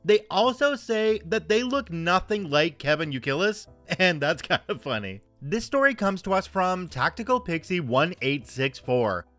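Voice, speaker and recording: A man's voice: sits high, very animated, moderate pace, few pauses, a bit bright, soft background music. A man in his thirties reading online stories aloud and commenting with wry, joking asides. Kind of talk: casual story narration and commentary.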